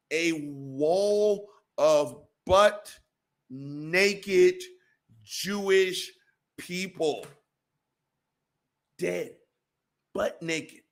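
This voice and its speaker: A man with a slightly high voice runs a reaction stream. He rants in an angry, profanity-heavy way and keeps up a heated commentary on a clip he is playing. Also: a bit bright. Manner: angry, swearing, heated ranting. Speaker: show host.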